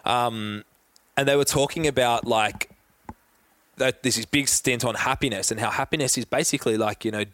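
A man's voice: medium pitch, steady tone, normal speed, a bit bright. A young Australian man chatting casually as a podcast guest, laid-back, swearing freely and talking in long run-on thoughts. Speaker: guest athlete.

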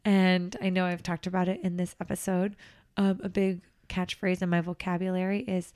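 A woman's voice: fairly low pitch, level tone, moderate pace, a little mellow, clear, resonant tone. A woman who works as a nanny, chatting on a podcast and giving earnest advice with frequent ums and laughs. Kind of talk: casual podcast chat.

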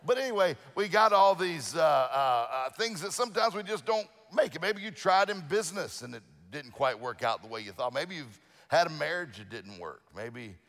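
A man's voice: a little high, lively intonation, normal speed, few pauses, fairly bright tone, long reverb tail. A middle-aged male pastor preaching a sermon, telling folksy stories with lots of restarts and fillers. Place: church sanctuary.

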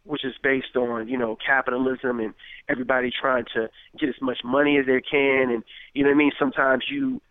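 A rapper from Richmond, California, talking casually as an interview guest, rambling and filling with "you know what I mean.". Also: male voice, medium pitch, little pitch movement, brisk, dry recording. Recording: tinny phone-like line, dry.

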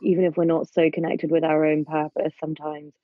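A woman's voice: low voice, flat delivery, fairly quick, no echo, narrow, tinny audio. A woman hosting a podcast, sharing her views earnestly and asking thoughtful questions in casual conversation. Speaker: podcast host.

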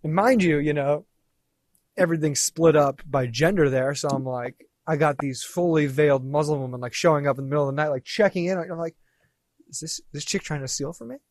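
A man in his thirties, a podcast guest, telling a story in a casual, animated way and acting out what people said. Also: a little high, fairly quick, no room sound. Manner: animated, swearing, acts out quoted lines.

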